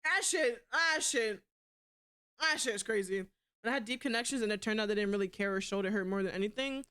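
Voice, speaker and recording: A young woman streaming live, chatting casually and bluntly, swearing a lot and swinging between loud outbursts and quieter asides. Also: medium pitch, fairly quick, smooth. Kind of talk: casual livestream chat.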